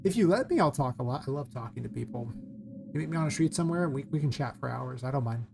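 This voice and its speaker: A man from California with a Californian accent, chatting casually and rambling quickly while streaming game development. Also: mid-range voice, animated, creaky, noisy background. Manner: fast, rambling talker.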